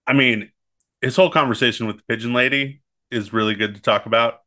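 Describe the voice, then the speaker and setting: Bright-voiced man, eager movie talk. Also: mid-range voice, steady tone, quick pace. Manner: enthusiastic, acts out movie lines in quotes. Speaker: podcast co-host. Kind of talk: casual movie chat.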